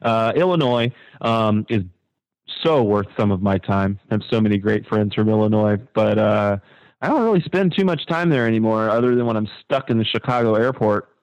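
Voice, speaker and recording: A man co-hosting a casual talk show, animated and sarcastic, his voice leaping high when he mocks something. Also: moderate pace, dry recording, muffled recording. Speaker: podcast co-host.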